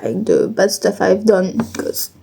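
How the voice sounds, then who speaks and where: A young woman speaking in a casual confessional vlog, candid and blunt, halting with many restarts and fillers. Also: mid-range voice, expressive, gravelly, dark tone, slightly rough. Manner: candid, blunt, occasional swearing.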